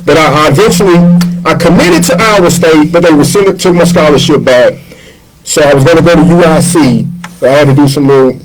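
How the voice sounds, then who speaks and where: A man in his fifties, a chef, telling his life in a relaxed sit-down interview. He talks in loose slang and keeps slipping into other people's voices as he acts out their quotes. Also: fairly high pitch, fairly quick, soft background music, low-quality recording. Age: 50s. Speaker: chef guest. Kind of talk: casual storytelling interview.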